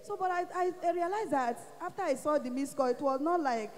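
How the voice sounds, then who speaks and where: A Nigerian woman giving a church testimony, telling her story in an animated way and acting out what others said. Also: sits high, a little fast, in a large hall. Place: church hall.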